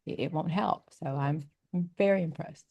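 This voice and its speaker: A woman's voice: low voice, moderate pace, breathy edge, highs cut off. A woman tutor hosting an online session on a video call, encouraging a student and repeating her praise. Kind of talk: casual chat.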